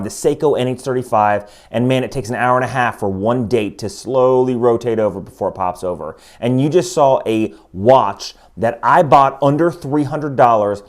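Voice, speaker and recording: A man talking casually through a watch review, explaining each step and getting more excited as he goes. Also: medium pitch, moderate pace, hardly any pauses. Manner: chatty, enthusiastic, explains step by step.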